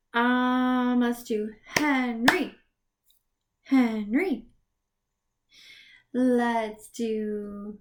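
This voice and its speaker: A woman teaching a video lesson to young children, clapping out words in a slow, exaggerated, sing-song way. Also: fairly high pitch, noisy background. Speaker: preschool teacher.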